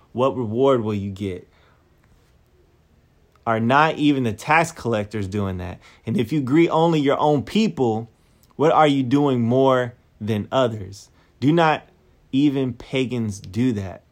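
Male preacher, mid-range voice, measured deliberate sermon delivery with repeated lines. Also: medium pitch. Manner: slow, deliberate, repeats phrases for emphasis.

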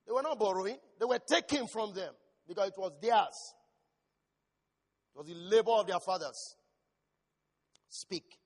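Pastor, male, preaching voice with shouted peaks, high register, long hall echo. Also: normal speed, long pauses. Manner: asks the congregation questions. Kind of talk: sermon.

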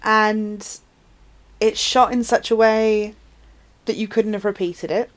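A woman, co-hosting a casual film discussion, animated and chatty with quick asides. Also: medium pitch. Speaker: podcast co-host.

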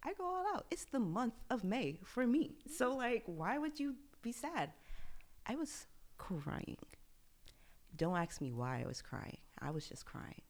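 A woman co-hosting a podcast, telling a personal story in an animated, laughing way that sinks to a near whisper on the sad parts. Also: on the high side, a little slow. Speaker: podcast co-host.

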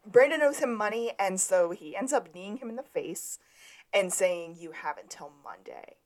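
On a podcast she co-hosts, this woman walks through a TV episode from her notes in a relaxed way, laughing along as she goes. Her voice is medium-pitched and expressive, with a moderate pace.

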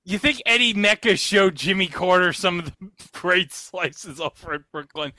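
A man co-hosting a podcast in casual chat, joking and trailing off quietly. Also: high voice, normal speed, hardly any pauses, no room sound, studio quality. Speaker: podcast co-host.

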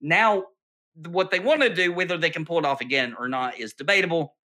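A man with a bright, forward voice chatting casually among friends. He tells animated stories and keeps asking "right?" to pull the listeners along. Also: a little high, a little fast. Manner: animated storytelling, peppers speech with "right?". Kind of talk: casual chat.

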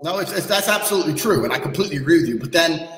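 A man's voice: fairly high pitch, lively intonation, racing, fairly bright tone. A man ranting bluntly on a podcast, brash and profane, bragging about himself. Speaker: guest, kickboxing champion. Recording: echoey room with long reverb.

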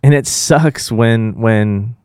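A man's voice: medium pitch, slow pace, darkish tone, clean tone, no room sound, studio quality. A man co-hosting a podcast, venting his grievances in heated, profane casual chat. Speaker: podcast co-host.

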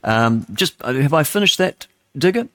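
A man's voice: fairly high pitch, animated, normal speed, a bit bright, dry recording. A man with a New Zealand accent hosting live talk radio, rambling and opinionated, with plenty of fillers and chuckles. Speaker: radio talk show host. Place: radio studio.

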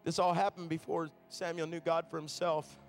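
A middle-aged man preaching a sermon, telling stories and building to shouts. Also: a little high, little pitch movement, normal speed, soft background music.

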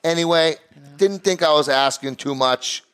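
A man's voice: on the high side, moderate pace, fairly bright tone, smooth. A middle-aged man telling a heated story on a podcast, acting out both sides of the conversation. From Italian heritage. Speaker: podcast co-host, barbecue business owner. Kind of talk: animated storytelling rant.

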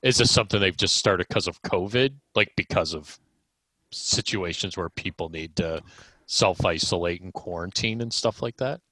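Deep bright-toned rambling man. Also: moderate pace, dry recording, rough recording. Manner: rambling, many fillers and restarts. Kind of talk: casual chat.

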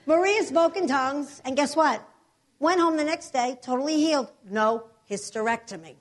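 Woman preacher, animated testimony storyteller, voice a bit high. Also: moderate pace. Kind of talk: sermon testimony.

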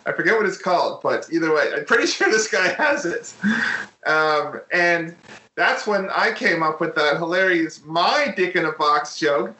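A man's voice: a little high, animated, moderate pace, sharp tone. A man chatting casually and telling stories with jokes, as the host of a talk show. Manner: joking, storytelling, puts on voices in quotes. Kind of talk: casual chat. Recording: roomy echo.

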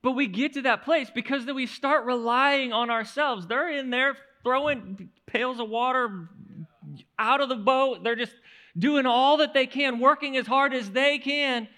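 A male pastor preaching a sermon in an animated storytelling manner, often restarting his words. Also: very high-pitched, a little slow.

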